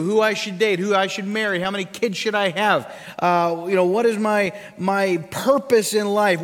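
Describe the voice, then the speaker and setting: A man preaching a sermon as a pastor, animated and fond of questions and stories. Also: high voice, big-room sound.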